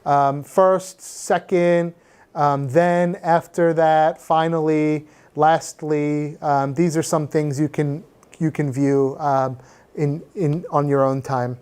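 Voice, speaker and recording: A man's voice: on the high side, fairly even intonation, takes it slowly, darkish tone, clear, resonant tone. A man reviewing English grammar for a class, patiently explaining rules with many fillers and switching into Korean. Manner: frequent filler sounds. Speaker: English teacher.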